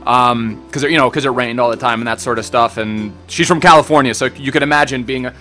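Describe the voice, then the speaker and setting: A man's voice: medium pitch, quick pace, sharp tone, faint music behind. A young man hosting a gaming channel, chatting loosely through a Q&A, rambling and laid-back, swearing and calling people bro. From born in Switzerland, raised in Germany and the United States. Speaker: YouTube gaming channel host. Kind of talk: casual Q&A chat to camera.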